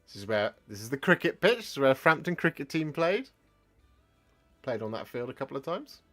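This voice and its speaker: A man's voice: medium pitch, sing-song, fairly quick, fairly bright tone. A young man with an English West Country accent, chatting casually on a live stream and answering viewers' questions. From Gloucestershire, England. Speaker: streamer painting miniatures. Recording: faint music behind.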